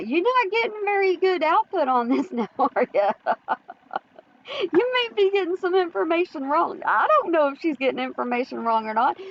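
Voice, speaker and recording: A woman's voice: sits high, highs cut off. A woman hosting an opinion commentary vlog, chatty and teasing, often laughing. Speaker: host.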